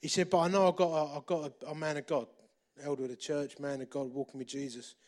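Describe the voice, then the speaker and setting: Middle-aged male preacher, slightly high voice, storytelling sermon with loud and hushed turns. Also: fast. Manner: lively, repeats phrases for emphasis, shifts between loud and hushed.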